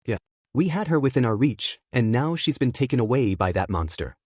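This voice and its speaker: A man's voice: medium pitch, sing-song, a little fast, husky, dry recording, studio quality. A man voicing an earnest teenage boy hero who blames himself, in a raised, emotional delivery.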